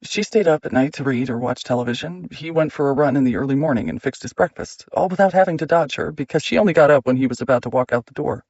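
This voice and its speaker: A man narrating an audiobook in a measured, steady reading. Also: mid-range voice, no room sound, muffled recording.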